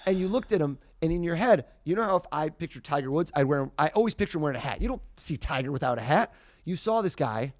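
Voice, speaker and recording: Man, mentalist guest, theatrical, punches up to loud reveals, raised pitch. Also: fast. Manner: theatrical, rising to loud excited bursts. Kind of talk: live mind-reading performance.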